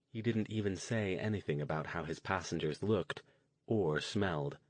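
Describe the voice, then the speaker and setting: A man narrating an audiobook in a measured, even scripted reading. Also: deep voice, dry recording.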